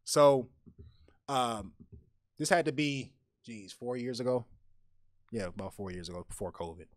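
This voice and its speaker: A man with a medium-pitched voice, talking a little slowly, co-hosts a podcast and tells an animated story marked by many restarts in casual conversation. The recording is studio quality with no echo.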